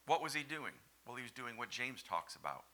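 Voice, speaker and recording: A man preaching a sermon as pastor, stressing words hard and then dropping to hushed, low lines. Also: sing-song, a little fast.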